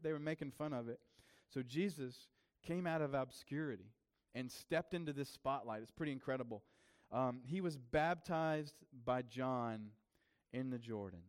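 A man's voice: mid-range voice, moderate pace, smooth. A man preaching a sermon as pastor, in a casual, conversational way with frequent fillers and restarts.

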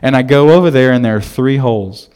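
A pastor in his thirties delivers a sermon, telling stories in a relaxed, conversational manner and often restarting his sentences. His mid-range voice moves fairly quickly and sounds smooth.

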